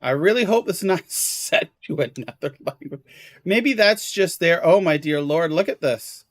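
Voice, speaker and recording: Slow chatty male game streamer. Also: on the high side, expressive, dry recording. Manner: chatty, exclaiming and apologetic to chat. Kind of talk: casual live-stream commentary.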